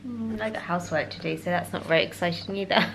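Soft-spoken woman, noisy room. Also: on the low side, fast, vocal fry. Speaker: vlogger's wife. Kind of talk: casual chat.

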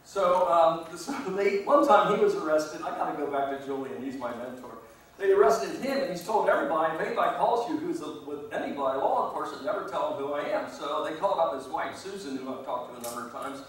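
A man's voice: fairly high pitch, expressive, fast. A man, a guest speaker at a meeting, telling a long rambling anecdote and chuckling at his own story. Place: meeting hall. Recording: echoey room from far off.

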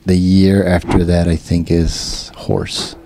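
A man's voice: deep voice, level tone, takes it slowly, gravelly, warm tone, slight background noise. A man in his thirties co-hosting a casual podcast chat over beers, laid-back and swearing often. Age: 30s. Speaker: podcast co-host.

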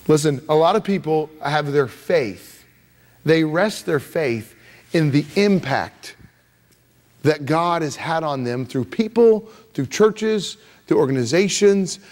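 A man preaching a sermon as pastor, emphatic and repetitive, swinging from loud rises to soft drops. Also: fairly high pitch, animated, slow. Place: church sanctuary.

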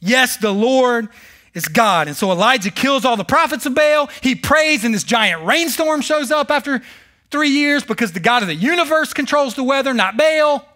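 A male pastor preaching a sermon, telling a Bible story with animated, sarcastic humor. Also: very high voice, normal speed. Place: church service.

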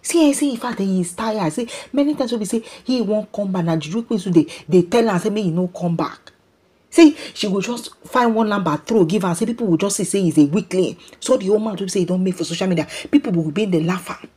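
Dark husky Nigerian woman gossiping. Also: medium pitch, fairly quick. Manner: animated, keeps calling out "my people", mixes Pidgin and English. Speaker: gossip vlogger. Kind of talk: casual celebrity gossip commentary.

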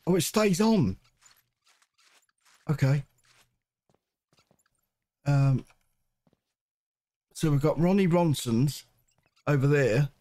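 A man's voice: on the high side, lively intonation, very slow, pauses often, dark tone. A man hosting his own gaming channel, chatting and joking to himself while he plays. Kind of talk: let's play commentary.

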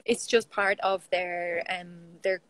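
An Irish woman, a guest in a casual interview, telling stories in a lively, chatty way over a video call. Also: on the low side, slow pace, a little hiss or hum, rough recording. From Ireland.

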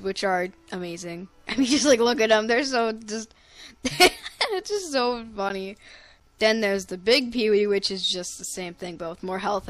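A woman's voice: medium pitch, a bit bright. A woman hosting a gaming video, giving casual, rambling commentary full of fillers and giggles.

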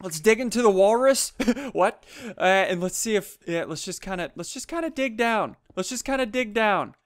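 A young man talks through his game run in a smooth, fairly high voice. He is excitable and jumpy, laughing often and gasping when startled. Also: normal speed. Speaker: gaming YouTuber. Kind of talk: Let's Play commentary.

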